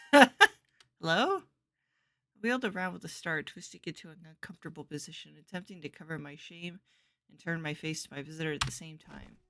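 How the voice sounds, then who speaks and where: A woman's voice: low-pitched, fairly even intonation, quick pace, fairly bright tone, no room sound, clean studio sound. A very tired woman streaming a game, reading its story aloud in a sleepy, rambling way. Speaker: gameplay streamer. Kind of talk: reading a visual novel aloud while playing.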